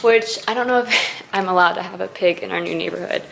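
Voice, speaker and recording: A woman's voice: lowish voice, brisk, vocal fry, a bit bright, slight background noise. A woman vlogger talking candidly in a casual, rambling way, laughing often as she speaks. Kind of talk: casual confessional vlog chat.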